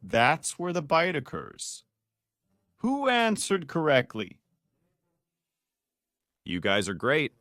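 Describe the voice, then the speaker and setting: Speaking slowly with long pauses, a man whose voice sits a little high teaches about the spine. He is a doctor running a playful, lively video lesson full of quiz questions for viewers, captured in clean studio sound with no echo.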